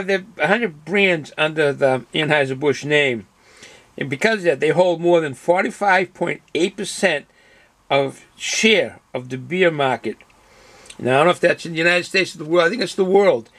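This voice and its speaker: A man's voice: a little high, fairly bright tone, no echo. A man with a Boston accent reviewing a beer in casual, rambling talk with many fillers and restarts.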